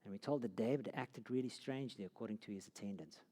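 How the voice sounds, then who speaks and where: A man's voice: lowish voice, quick pace, warm tone. A man teaching a Bible course, telling the story dramatically and sinking to a near whisper at key moments. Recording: long hall reverb.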